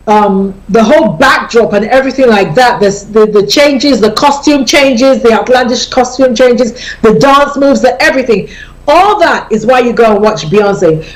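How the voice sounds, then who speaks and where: A woman's voice: a little high, rough recording. A woman hosting a radio show, talking casually and explaining her points, often repeating them for emphasis. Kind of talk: conversational radio talk on personal branding. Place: radio studio.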